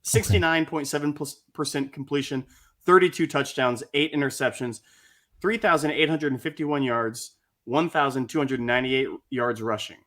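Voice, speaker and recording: A man's voice: mid-range voice, moderate pace, a bit bright. A man co-hosting a sports podcast, exasperated as he reels off stats. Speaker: podcast co-host. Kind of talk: casual sports chat.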